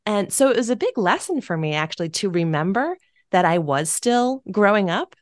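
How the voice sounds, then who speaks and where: A woman's voice: medium pitch, big pitch swings, normal speed, no echo, clean studio sound. A woman co-hosting a podcast, chatting casually and often saying "like". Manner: chatty, filler "like", openly warm toward guest. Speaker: podcast co-host, career coach.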